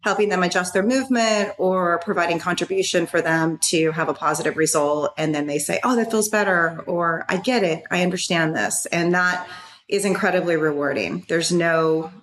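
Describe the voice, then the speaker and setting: Upbeat female fitness coach, lower voice. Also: steady tone, moderate pace. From Washington state. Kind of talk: casual interview chat. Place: office.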